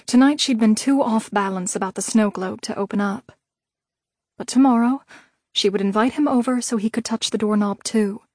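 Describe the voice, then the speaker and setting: Brief: female audiobook narrator, measured reading, slightly high pitch, dead-dry booth sound. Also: dry recording. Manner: steady, measured storytelling. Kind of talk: scripted narration.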